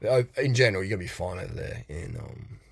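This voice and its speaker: A man's voice: deep voice, expressive, quick pace, creaky, slight background noise. A man hosting a podcast, talking in a blunt, crude, rambling monologue. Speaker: podcast host. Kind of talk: casual monologue.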